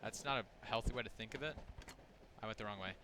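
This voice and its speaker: A man's voice: lowish voice, quick pace, noisy background. A young man talking loosely over a horror game he is playing, rambling and restarting his sentences with many fillers. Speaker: gaming channel host. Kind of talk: casual gameplay commentary.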